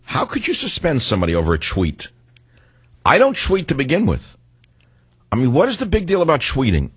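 A man's voice: mid-range voice, huge pitch swings, fairly quick, husky, no echo. An older man hosting a talk radio show, delivering a combative, sarcastic, rambling monologue.

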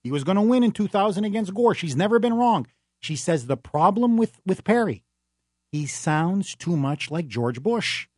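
Male talk radio host, high-pitched, punchy and opinionated, recorded dry in the studio. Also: sing-song, no echo. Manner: emphatic, rapid-fire and opinionated. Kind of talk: political talk radio monologue.

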